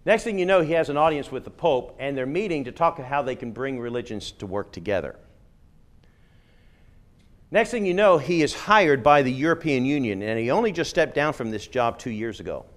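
Brisk and animated, this medium-pitched man is a middle-aged former missionary who grew up in the UK. He lectures on religion conversationally but with emphasis, regularly pausing to ask "okay?"

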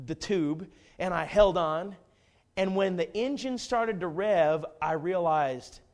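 A man preaching a sermon, telling a folksy, humorous personal story in an animated way. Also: high-pitched.

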